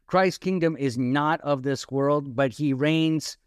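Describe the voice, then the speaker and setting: Brief: male podcast co-host, lively Bible teacher, higher-than-average voice, dry studio mic. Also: slow, clean tone, dry recording. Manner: animated, fires rhetorical questions.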